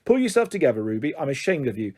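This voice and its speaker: A man voicing a firm but caring middle-aged father calming his daughters. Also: medium pitch, quick pace. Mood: coaxing.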